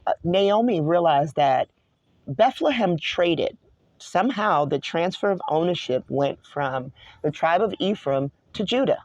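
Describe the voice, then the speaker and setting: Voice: mid-range voice, lively intonation, measured pace, darkish tone, no room sound, dull audio. A host in their mid-forties from New York, giving a solo study talk that wanders from one point to another. They stop often to correct themselves. The recording is dry and close, with no room sound. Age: 40s. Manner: rambling, digressive, self-correcting. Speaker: online show host.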